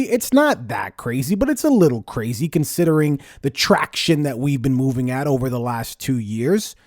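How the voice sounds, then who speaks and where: A podcast host talking to his listeners in a slightly high voice that rises and falls a lot. He rants casually and leans hard on the words he wants to stress, and the sound is dry, with no room echo. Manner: lively, conversational, ranting with emphasis. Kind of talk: casual solo podcast talk.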